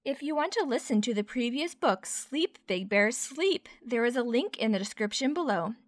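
A woman teacher reading a children's picture book aloud, expressive and gentle, pausing to explain words. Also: fairly high pitch, dry recording, studio quality. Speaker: teacher, storyteller. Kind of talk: children's story read-aloud.

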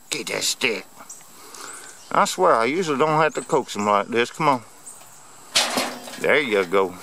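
A man's voice: medium pitch, expressive, a little slow, vocal fry, long pauses, pushed and bright, slight background noise. A man, vlogging outdoors in a yard. He gives playful, teasing commentary in a sing-song, taunting way. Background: insects and crickets.

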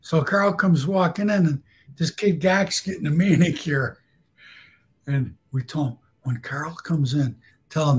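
A man's voice: fairly high pitch, a little slow, slightly rough. A man casually telling blunt, profane stories about his old barbershop, laughing at his own punchlines. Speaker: guest storyteller. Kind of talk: casual storytelling.

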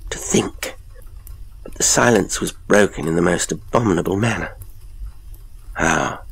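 Male reader as distressed scholar, husky and deep, agitated, for a horror audiobook. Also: heavily acted. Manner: agitated, heightened, rising to cries. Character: shaken, proud male professor confessing his terror.

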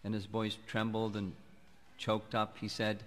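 A man giving a sermon as a spiritual teacher, speaking in a calm, measured, reflective way. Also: lowish voice. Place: temple hall. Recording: long hall reverb.

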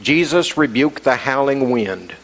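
Animated preacher in a reverberant church. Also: male voice, medium pitch, unhurried. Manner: animated preaching, acts out quoted voices. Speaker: pastor. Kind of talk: sermon. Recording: long hall reverb.

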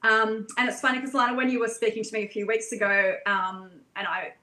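Earnest higher-pitched woman in an echoey room. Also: little pitch movement, fairly quick, pushed and bright. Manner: earnest, flowing, with fillers and repeats. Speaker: guest. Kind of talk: casual conversational chat.

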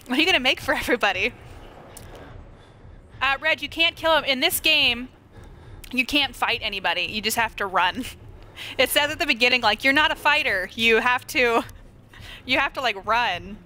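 A woman's voice: a little high, moderate pace, long pauses, bright, forceful tone. A young woman live-streaming a horror game, chatting with viewers and shrieking at scares. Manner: screams and laughs at jump scares, chats with viewers.

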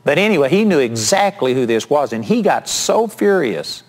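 A man's voice: fairly high pitch, very animated, normal speed. A male preacher retelling a Bible story in a sermon, acting out the quotes as he tells it.

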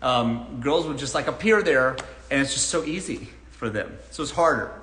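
A man's voice: medium pitch, normal speed, fairly bright tone, a little hiss or hum. A man from Los Angeles hosting a live Q&A on dating, giving advice bluntly and with plenty of profanity. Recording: roomy echo.

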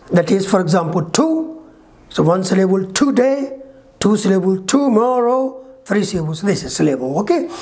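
A woman teaching English phonetics in an online lecture, slowly drawing out each example sound. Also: mid-range voice, darkish tone. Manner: slow, deliberate, drawn-out example sounds.

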